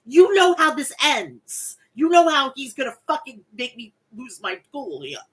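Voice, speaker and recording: A woman putting on the voice of an exasperated male pro wrestler in a high, disbelieving outburst. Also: sing-song, a little slow. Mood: incredulous.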